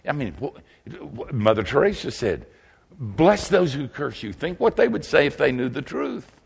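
An older man preaching a sermon in a folksy, wry way, swinging from loud outbursts to hushed asides. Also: mid-range voice, sing-song, moderate pace, creaky, breathy edge.

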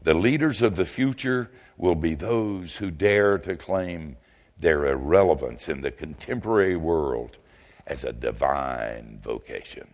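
An older man preaching a sermon in a folksy, wry way, swinging from loud outbursts to hushed asides. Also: very deep voice, lively intonation, measured pace.

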